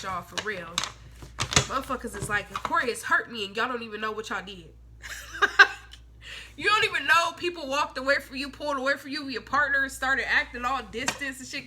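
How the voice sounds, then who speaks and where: A woman's voice: high-pitched, animated, fairly quick, background noise. A young woman doing a casual tarot reading, chatty and blunt, full of slang and swearing, and she acts out the people she quotes. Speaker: tarot reader.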